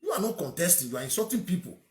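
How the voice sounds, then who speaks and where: A man's voice: high voice, sing-song, very fast, a little mellow, echoey room. A man with a Nigerian accent giving an opinionated monologue as a political commentator, emphatic and ranting, firing off rhetorical questions.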